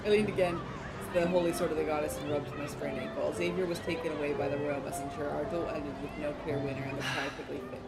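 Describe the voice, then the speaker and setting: A woman's voice: low-pitched, fairly even intonation, quick pace, a loud crowd. Playful woman reading a story game aloud. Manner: playful, squeals and jokes between lines. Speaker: streamer playing a story game.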